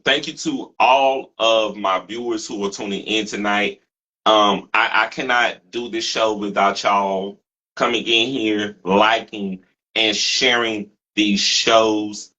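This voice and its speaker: Bright-voiced earnest man host. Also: lowish voice, dull audio. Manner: earnest, thankful, effusive. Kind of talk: casual talk show sign-off.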